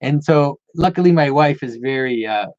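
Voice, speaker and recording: A man's voice: medium pitch, expressive, normal speed, a little mellow, dry recording, muffled recording. A man hosting a casual livestream Q&A, rambling with frequent restarts and repeated words. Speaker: channel host answering viewer questions.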